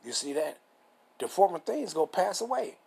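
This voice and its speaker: A man reading scripture aloud and preaching on it in a casual, rough-edged way, reading verses slowly and stopping to ask rhetorical questions. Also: high-pitched, sing-song, darkish tone. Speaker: scripture teacher.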